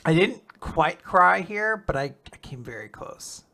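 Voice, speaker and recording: A man co-hosting a manga podcast, chatting casually, teasing his co-host and reacting with quick exclamations. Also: high-pitched, expressive, creaky, pushed and bright. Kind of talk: casual chat.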